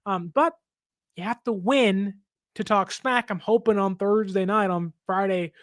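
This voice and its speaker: Excitable, stammering sports podcast host. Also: medium pitch, measured pace, no room sound, studio quality. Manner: excitable, with frequent stammered restarts. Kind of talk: casual sports preview commentary.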